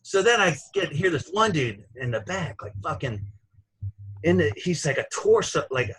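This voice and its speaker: A man's voice: on the high side, big pitch swings, moderate pace, a bit bright, slightly rough, low-quality recording. A man, a stand-up comedian, telling a story in casual, profane, rambling talk and laughing at his own jokes.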